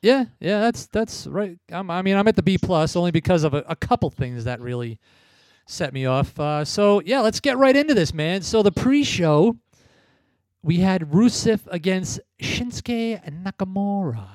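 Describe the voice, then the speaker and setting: A man's voice: sits high, animated, moderate pace, darkish tone, dry recording, studio quality. A man hosting a wrestling podcast in casual chat, laid-back, laughing and swearing now and then. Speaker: podcast host.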